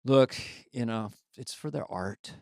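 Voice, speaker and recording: A man co-hosting a podcast in casual comedic chat, playful and quick to slip into impressions. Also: medium pitch, vocal fry, no room sound, clean studio sound. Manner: playful, slips into sung bits and impressions. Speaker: podcast co-host.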